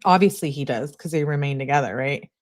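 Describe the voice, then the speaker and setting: A woman with a fairly low speaking voice hosts a true crime video. She reads messages aloud in a plain, conversational way and cuts in with blunt, disbelieving remarks. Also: fairly quick. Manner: blunt, incredulous asides. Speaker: true crime channel host. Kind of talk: reading text messages aloud with commentary.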